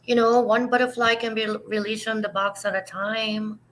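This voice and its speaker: A woman co-hosting a live talk show, who talks in a warm, effusive and gushing way. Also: fairly high pitch, little pitch movement, moderate pace, slight background noise, rough recording. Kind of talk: casual live show chat.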